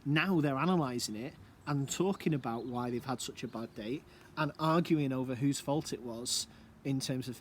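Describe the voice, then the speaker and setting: A man's voice: medium pitch, moderate pace, slight background noise. A man giving a casual recorded English lesson from home, musing aloud and asking rhetorical questions. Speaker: English teacher. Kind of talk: recorded lesson explaining a play.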